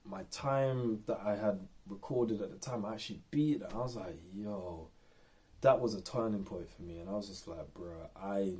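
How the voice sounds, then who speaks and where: A man's voice: on the low side, fairly quick, hardly any pauses, warm tone, husky. A man talking candidly and in a rambling way in an unscripted personal vlog. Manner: rambling and candid, lots of fillers. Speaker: vlogger.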